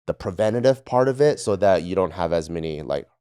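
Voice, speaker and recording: A man with a low voice telling stories in loose, casual chat. He swears often, laughs at his own stories and briefly barks out the lines of drill instructors. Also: animated, fairly quick, dark tone, smooth. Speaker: podcast panelist, former Marine. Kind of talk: casual storytelling.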